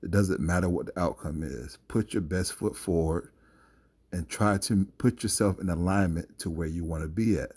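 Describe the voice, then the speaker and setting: A man's voice: low voice, a little fast, few pauses, a little mellow, breathy edge. A man giving his opinion in a solo boxing commentary vlog, emphatic and rambling with fillers.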